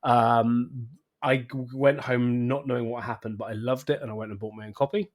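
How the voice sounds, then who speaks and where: Male host, mid-pitched, chatty and eager, stumbles over repeated words. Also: fairly even intonation, normal speed. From England. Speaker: podcast host. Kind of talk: casual chat.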